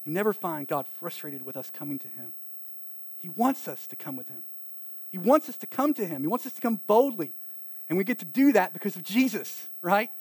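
A man from eastern North Carolina with a local accent, preaching a sermon in a conversational way, with lively asides and acted-out quotes. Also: sits high, dry recording. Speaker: pastor.

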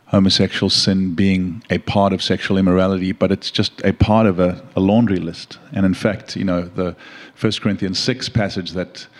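A man with a very low voice answers a question on a church panel. He speaks as a pastor, slowly and deliberately, pausing often to find his words. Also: darkish tone. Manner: slow and measured, with frequent pauses and fillers.

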